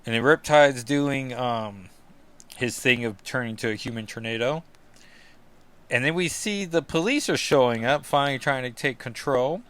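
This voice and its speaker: A man's voice: mid-range voice, fairly bright tone. A man hosting a comic book podcast, giving casual, rambling commentary with jokey asides.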